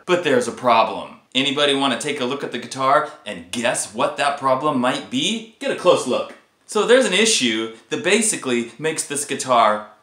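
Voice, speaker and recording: A man hosting a casual guitar vlog, ranting in an animated, exasperated way about a faulty guitar. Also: medium pitch, reverberant. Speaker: guitar video host.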